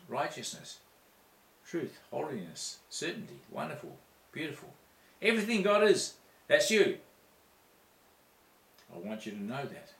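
A man preaching an impassioned spiritual sermon into a handheld mic, rhythmic and repetitive, leaping to sudden high exclamations. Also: roomy sound, slight background noise.

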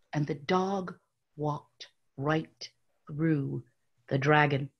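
Speaking straight to her audience, this female storyteller moves between lively, lifted tones and quiet near-whispers in an oral storytelling lecture. Her pitch sits on the high side, with a breathy edge.

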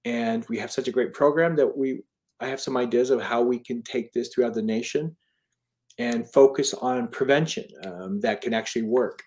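In a casual interview, a fifty-something man who writes books and founded a charity shares stories at a normal speed. His medium-pitched voice has a darkish tone, and he talks earnestly, rambling with fillers and restarts.

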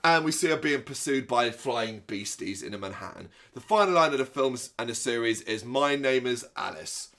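A man co-hosting a casual movie review chat, animated and sarcastic, swearing often. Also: mid-range voice, normal speed, few pauses. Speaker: podcast co-host.

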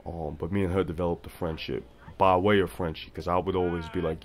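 A man's voice: low voice, little pitch movement, fast talker, creaky, hardly any pauses. A man, a street photographer, telling a story in a documentary voice-over, talking casually in street slang and retelling what people said.

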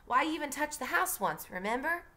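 A woman's voice: sits high, big pitch swings, normal speed, bright, forceful tone, voice pushed up, exaggerated voice. A woman voicing a stubborn, tomboyish young girl. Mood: defiant.

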